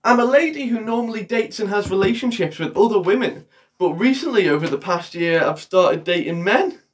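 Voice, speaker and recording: A man's voice: high-pitched, lively intonation, brisk, recorded from a distance. A man co-hosting a podcast in a laid-back way, laughing a lot while he chats and reads out a listener message. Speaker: podcast co-host. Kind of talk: casual chat, reading a listener message. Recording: set back from the mic, faint noise.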